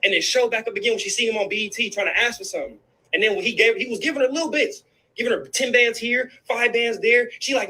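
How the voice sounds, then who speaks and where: A man's voice: extremely high pitch, quick pace, bright, forceful tone, low-quality recording. A man in a heated, profane rant, angry and repeating himself, tossing in "bro" again and again. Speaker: guest in a livestream clip.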